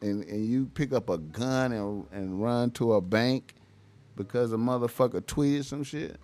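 A man's voice: medium pitch, unhurried, darkish tone, soft background music. A young man, ranting casually and profanely, repeating himself and tacking "man" onto his lines. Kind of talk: casual rant to camera.

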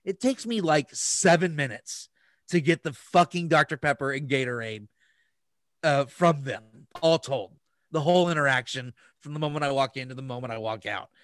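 Casual podcast host, a man with a sharp, dry voice who tells stories with lots of swearing. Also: on the high side, moderate pace, no echo. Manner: profane, rambling with restarts. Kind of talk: casual storytelling chat.

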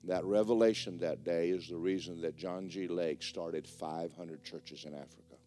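A man preaching a sermon as the pastor of a church, telling a story in a lively way that swings between hushed and loud. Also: low voice, moderate pace. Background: faint guitar music.

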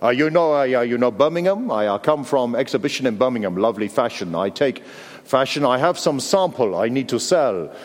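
A man's voice: mid-range voice, lively intonation, brisk, big-room sound, natural voice. A man putting on a fake Italian hawker. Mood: wheedling. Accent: put-on Italian accent. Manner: broken English, pushy sales patter. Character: man faking an Italian salesman's accent.

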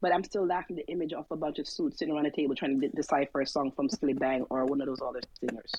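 A woman's voice: low voice, steady tone, rapid-fire, a little mellow, husky, dry recording. A woman co-hosting a podcast in casual chat, amused, stammering and repeating her words. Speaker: podcast co-host. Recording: dull, dry lo-fi sound.

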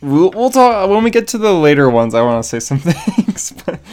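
A man co-hosting a podcast, casually talking through a comic book in a relaxed, rambling way. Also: sits high, moderate pace. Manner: relaxed, rambling, hedging with fillers. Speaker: podcast co-host.

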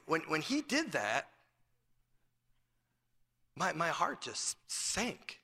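A man's voice: a little high, very animated, slow pace, pauses often, sharp tone, long reverb tail. A male pastor preaching a sermon, asking rhetorical questions and telling a family story.

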